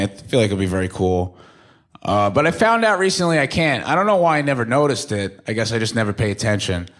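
A young man from Staten Island doing a crude, deadpan stand-up comedy set on a club stage. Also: mid-range voice. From Staten Island, New York. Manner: deadpan, crude, shifts into mocking voices for quoted people. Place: comedy club stage before a laughing audience.

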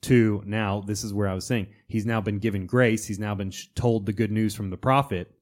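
Animated man quoting film lines. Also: on the low side, fairly quick. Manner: animated, quotes film lines in put-on voices. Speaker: podcast host. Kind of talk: casual chat.

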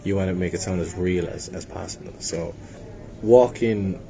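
Faint music plays behind a young Irish actor from Limerick as he chats casually at a hotel venue about his acting work. His voice is creaky and warm at normal speed, his talk rambling and self-deprecating with many restarts. The recording is noisy, with a low rumble.

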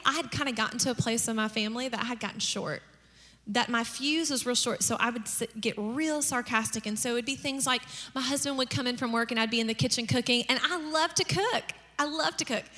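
A woman pastor giving a sermon, telling lively family stories and acting out their lines. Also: high voice, fairly quick. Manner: storytelling with acted-out family dialogue and humor. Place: church hall. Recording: long reverb of a large church hall.

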